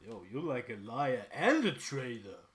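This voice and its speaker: A man's voice: medium pitch, very animated, unhurried. A man doing a mumbling tough-guy action hero. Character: gruff movie action hero as a galactic villain, man.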